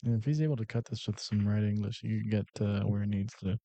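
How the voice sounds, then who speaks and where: A man's voice: lowish voice, steady tone, quick pace, dark tone, no room sound. A man co-commentating a pool match live, easygoing and bantering with his partner. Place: pool hall commentary booth.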